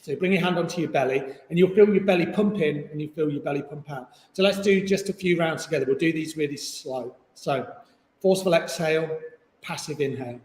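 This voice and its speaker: A man's voice: a little high, fairly quick, darkish tone. A man teaching a yoga class online, chatty and encouraging, with jokes about himself. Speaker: yoga instructor. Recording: echoey room with long reverb.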